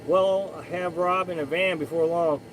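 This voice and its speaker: A man's voice: high voice, steady tone, normal speed, background noise. A man hosting a casual live stream, chatting in a rambling way and often restarting his sentences. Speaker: live stream host reading chat.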